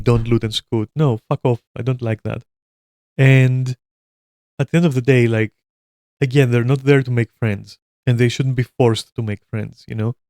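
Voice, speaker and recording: A man's voice: medium pitch, a little mellow, no echo, clean studio sound. A man streaming a reaction, giving blunt opinions in a rambling casual rant full of swearing.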